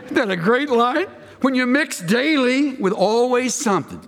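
An older man preaching a sermon, telling stories and swinging from loud exclamations to hushed near-whispers, recorded in a large hall. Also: extremely high pitch, expressive. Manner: storytelling, drawn-out words. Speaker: pastor. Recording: long reverb of a large hall.

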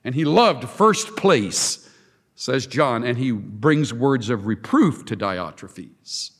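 A man preaching a sermon with emphatic delivery, dramatic pauses and heavy repetition. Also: mid-range voice, animated, breathy edge. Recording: long hall reverb.

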